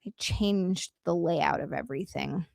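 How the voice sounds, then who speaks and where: This livestream host has a lowish, unhurried voice that sounds creaky and somewhat dark. She giggles and bubbles through a casual stream, gushing thanks to viewers and making chatty remarks while fiddling with settings. There's no room sound, just clean studio audio.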